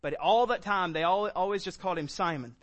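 A man delivers a sermon, talking through scripture verse by verse. His voice sits a touch high, and he mixes relaxed asides with emphatic, stressed declarations. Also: brisk. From Southern United States. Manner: earnest teaching, emphatic, conversational asides. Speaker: pastor.

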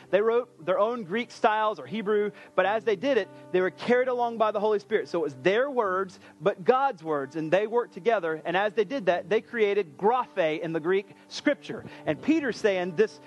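A man preaches in a lively, conversational way, quick to pose questions. His voice sits high for a man. Soft music plays faintly behind him. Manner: energetic, conversational, animated preaching. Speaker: pastor. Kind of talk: sermon.

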